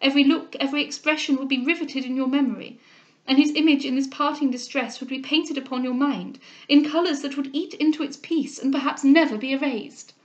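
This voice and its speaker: Woman reading as a stern, earnest gentlewoman. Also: sits high, fairly even intonation, fairly quick, lo-fi sound, voice pushed up, close to an everyday voice. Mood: insistent. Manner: earnest, insistent, formal. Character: stern persuasive older gentlewoman, a mother.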